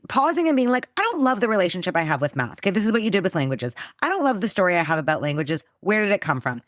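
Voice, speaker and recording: A woman hosting a casual podcast conversation, talking in an animated, teacher-like way, quick to joke and swear. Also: on the low side, dry recording, clean studio sound. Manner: coaching and teacher-like. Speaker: podcast host.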